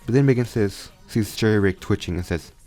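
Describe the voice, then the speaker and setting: A man's voice: lowish voice, a little fast, darkish tone, soft background music. A young man casually retelling a fan story, rambling with frequent restarts and self-corrections.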